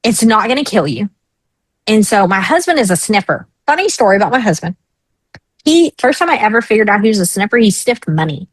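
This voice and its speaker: A woman's voice: mid-range voice, fast talker, no room sound, rough recording. Frank woman telling stories, dry sound. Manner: lively, frank, acts out quoted voices. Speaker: talk show guest. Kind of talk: personal storytelling in a conversation.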